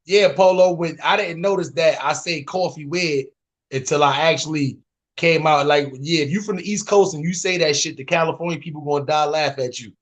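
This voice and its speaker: A man's voice: fairly high pitch, fairly quick. A man from New York with a New York accent, a podcast panelist, bantering in a joking, profane, slangy way. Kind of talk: casual chat.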